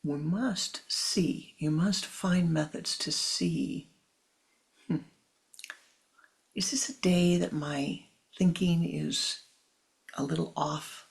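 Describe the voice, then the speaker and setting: Spiritual teacher, gravelly tone, medium pitch, slow repetitive delivery, soft whispery asides. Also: fairly even intonation. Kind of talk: meditative spiritual talk.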